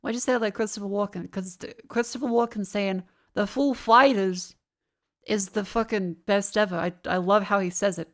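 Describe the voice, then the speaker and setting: A woman's voice: medium pitch, fairly even intonation, fairly quick, few pauses. Playful swearing woman streamer. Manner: chatty, playful, swears casually. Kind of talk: casual live-stream chat while playing a music quiz game.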